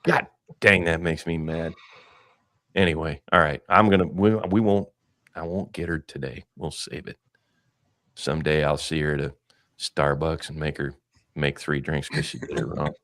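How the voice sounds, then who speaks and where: A man hosting a casual movie podcast, animated and rambling, joking and swearing freely. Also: rumbling low, normal speed, long pauses, no room sound, studio quality. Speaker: podcast host.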